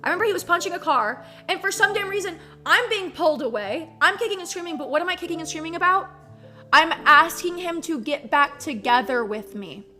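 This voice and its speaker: Bright high-voiced young woman storyteller. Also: brisk, soft background music. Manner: animated, profane, peppered with "like". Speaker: streamer. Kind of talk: casual storytelling.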